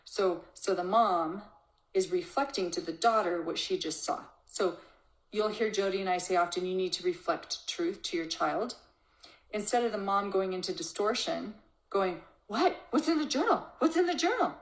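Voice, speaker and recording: A woman's voice: fairly low pitch, moderate pace. A woman hosting a parenting advice show, reading a listener's letter and commenting on it in an emphatic, coaching way, often starting with "so". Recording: echoey room.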